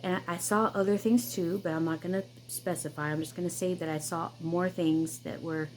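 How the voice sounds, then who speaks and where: A woman's voice: fairly low pitch, steady tone, brisk, low-quality recording. A woman hosting her own channel, telling a personal story in an emphatic, insistent way, with many repeats and restarts. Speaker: vlogger, channel host.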